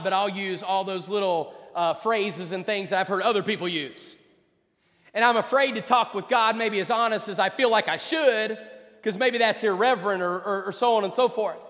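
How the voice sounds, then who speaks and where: A man delivers a sermon with a noticeably high-pitched voice. He talks in a conversational way and speaks directly to the congregation. His voice rings out with a long reverb, as if in a large hall. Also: a bit bright. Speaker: preacher.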